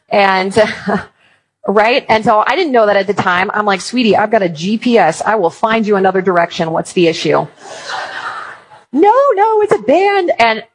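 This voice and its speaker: A woman delivers a Christian conference talk to parents in a medium-pitched voice, though the audio quality is poor. She tells stories in a lively way, weaving humor throughout.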